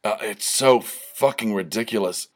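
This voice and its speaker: Young guy ranting on his solo podcast, kinda low voice, a bit buzzed, keeps tripping over words. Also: measured pace. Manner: rambling, worked up, swearing, stammering restarts. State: slightly tipsy from drinking shots. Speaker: podcast host. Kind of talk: casual solo podcast monologue.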